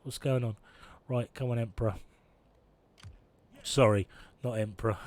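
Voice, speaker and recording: A man's voice: medium pitch, measured pace. Chatty man streaming a game. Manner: chatty, jokey, talks to himself. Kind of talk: casual gameplay commentary.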